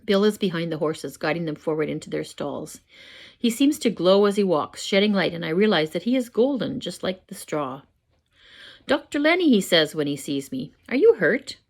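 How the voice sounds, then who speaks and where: Older woman reading her story aloud. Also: on the low side. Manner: measured, expressive reading. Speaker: author reading her own book. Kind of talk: first-person story reading. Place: home, with a pet dog nearby.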